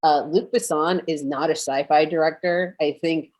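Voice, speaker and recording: A woman's voice: low-pitched, steady tone, moderate pace, darkish tone. A woman talking as a guest on a casual panel chat, gushing and rambling with lots of fillers.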